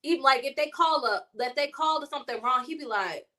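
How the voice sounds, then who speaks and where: A woman co-hosting a sports chat show, her voice bright and a little high. She rambles through her points in a relaxed, chatty way and laughs often along the way. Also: fast. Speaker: sports talk show co-host.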